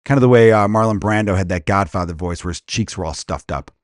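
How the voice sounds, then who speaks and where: A man hosting a comedy podcast, ranting casually in a crude, profane, animated way and slipping into quick impressions. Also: fairly low pitch, dry recording, clean studio sound.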